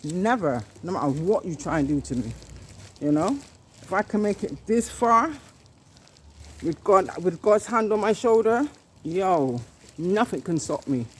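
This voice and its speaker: A woman's voice: on the low side, lively intonation, measured pace. A woman vlogging an angry monologue, indignant and emphatic, swearing and repeating herself. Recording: noisy home recording.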